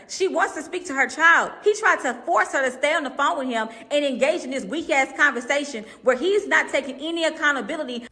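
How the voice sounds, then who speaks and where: A woman's voice: high voice, pushed and bright. A woman hosting a commentary channel, ranting in a blunt, profane, sassy way. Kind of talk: drama commentary rant.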